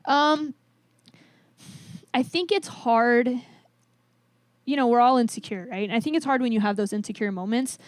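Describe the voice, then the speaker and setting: A woman weightlifting coach, a podcast guest, telling stories in a casual, animated way and swearing now and then. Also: fairly high pitch, moderate pace, pauses often, no room sound. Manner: animated, acts out both sides of remembered conversations, swears casually. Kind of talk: casual interview storytelling.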